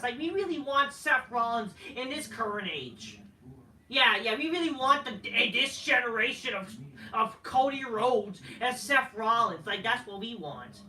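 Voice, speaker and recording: A man's voice: extremely high pitch, pushed and bright. A man reviewing a wrestling show in a heated, mocking, profanity-filled rant. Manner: heated, swears constantly, mocking. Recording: roomy and distant from the mic.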